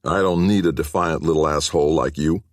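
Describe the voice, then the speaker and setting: A man reading an audiobook, voicing a bullying middle-aged coach and teacher who talks in a gruff, scornful way. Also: a bass voice, fairly even intonation, a little fast, no echo, studio quality.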